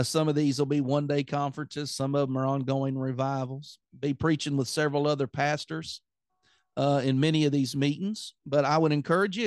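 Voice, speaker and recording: A man's voice: a little high, smooth, dry recording, studio quality. A man with a Southern accent preaching an earnest, plain-spoken sermon on his podcast.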